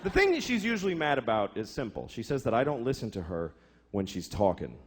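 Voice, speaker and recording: A man's voice: mid-range voice, big pitch swings, fairly quick, slight background noise. A man doing a stand-up comedy routine, telling stories in a profane, exasperated way. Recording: live show with audience laughter. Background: crowd laughter.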